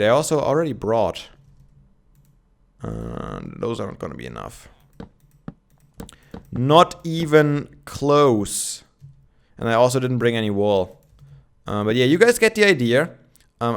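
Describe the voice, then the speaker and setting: Young man, smooth voice, casual game commentary, filler-heavy, thinking aloud. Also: medium pitch. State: morning voice. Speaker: Minecraft let's player.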